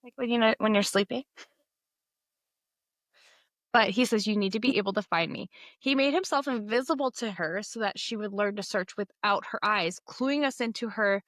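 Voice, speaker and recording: A woman's voice: medium pitch, fairly quick, a bit bright, no echo. Giggly woman podcast co-host. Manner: giggly, self-deprecating, stumbles over words. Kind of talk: casual book-club chat.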